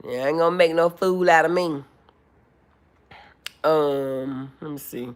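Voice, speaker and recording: A woman's voice: sits low, takes it slowly. A woman hosting a casual livestream, chatting with viewers, reading comments aloud, laughing and whooping. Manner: animated, laughing, loud whoops, reads chat aloud. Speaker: livestream host.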